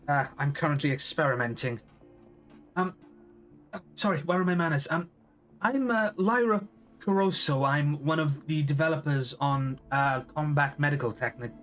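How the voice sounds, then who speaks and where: A man's voice: fairly high pitch, a bit bright. A man voicing a polite, nervous young female inventor who stammers and apologizes often.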